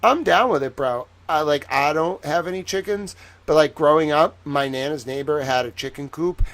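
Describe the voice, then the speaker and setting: A man's voice: fairly high pitch, normal speed, a bit bright. A tired young man hosting a late-night live stream, rambling playfully and chatting with viewers by name.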